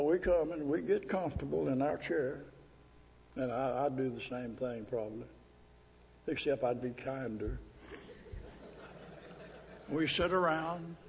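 A man preaching a sermon as pastor, pleading and emphatic, drawing out scripture verses slowly. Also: medium pitch, vocal fry, slight background noise. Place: church sanctuary. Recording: echoey hall with long reverb.

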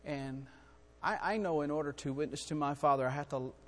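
A middle-aged man preaching a sermon in a church, earnest and building to loud, urgent storytelling. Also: on the high side, brisk. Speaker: guest preacher. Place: church sanctuary. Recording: long hall reverb.

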